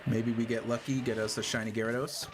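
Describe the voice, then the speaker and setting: A man casually chatting to his viewers while playing a game, with hiccups and frequent throat clearing. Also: medium pitch, quick pace, background noise. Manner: relaxed, chatty, answers chat questions. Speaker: streamer. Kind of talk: casual gaming livestream chat.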